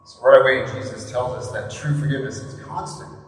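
A man's voice: medium pitch, a little fast. A man, a pastor giving a candid, conversational sermon with rhetorical questions. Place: church service in a large echoing hall. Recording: echoey hall, distant mic, faint room noise.

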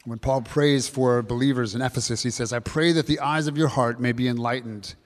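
Speaking fairly quickly in a steady, mid-range voice, a pastor gives an earnest Easter message to his congregation, kids included. He keeps repeating key phrases, and the recording carries a big-room sound.

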